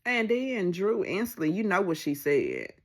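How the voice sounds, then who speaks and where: A woman casually recapping a reality show, acting out what people said with big swings in her voice. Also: a little slow. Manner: animated, acts out quoted lines with pitch jumps.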